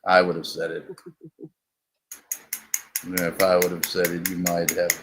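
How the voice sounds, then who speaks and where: A man's voice: low voice, completely flat delivery, a little slow, a bit bright, slight background noise. A man hosting a comedy talk show, crude and sarcastic in casual banter. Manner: crude, sarcastic, rambling storyteller. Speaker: show host.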